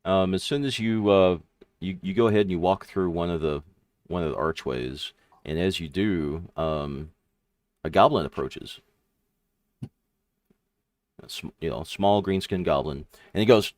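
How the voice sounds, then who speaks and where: A man narrating a tabletop game as game master, lively, with frequent fillers. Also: sits low, a little slow, long pauses, no echo, clean studio sound.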